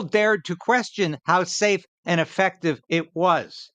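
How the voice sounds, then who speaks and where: A man's voice: sits high, measured pace, hardly any pauses, a bit bright, no room sound. A man hosting political commentary, reacting to interview clips in an indignant, sarcastic way with a Canadian accent.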